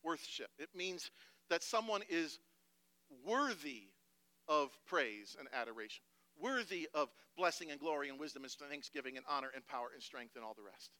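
A man, a pastor, preaching a sermon emphatically, moving between hushed passages and loud declarations. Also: a little high, lively intonation, normal speed, dry recording.

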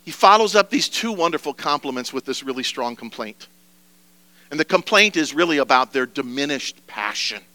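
Pastor guy preaching, high bright voice, super dry close sound, earnest. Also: expressive, moderate pace, dry recording. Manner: earnest, preacherly, rising to emphatic pleas. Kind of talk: sermon.

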